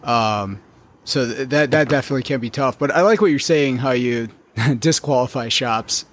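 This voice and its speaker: A man's voice: mid-range voice, normal speed. A man in a casual chat about auto repair who laughs easily and hesitates with fillers. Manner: chuckling, hesitant, uses fillers.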